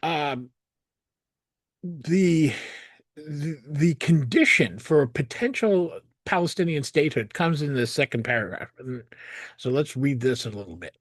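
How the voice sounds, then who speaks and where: Male analysis host, emphatic and scornful, restarts often, lively delivery, dead-dry room. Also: on the high side, unhurried, no room sound. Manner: indignant, sarcastic, emphatic with frequent restarts. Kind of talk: solo commentary reading and critiquing a document.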